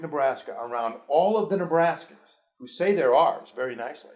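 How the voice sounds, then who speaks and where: This school superintendent, a man in his fifties with a New York accent, motivates students through personal anecdotes, earnest and given to restarting. His voice is fairly high with lively intonation at a moderate pace.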